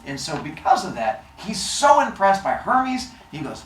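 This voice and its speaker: A man's voice: a little high, big pitch swings, a little slow, few pauses, a bit bright. A man hosting a show, retelling myths comically with goofy sound effects and silly noises. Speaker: storyteller host. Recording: roomy echo.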